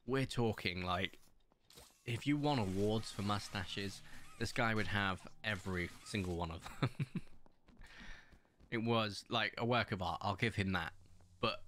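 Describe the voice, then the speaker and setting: A man's voice: on the low side, fairly bright tone, slight background noise. A man, hosting community games on a live stream and chatting casually in a rambling, anecdotal way. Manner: rambling and anecdotal, with many fillers.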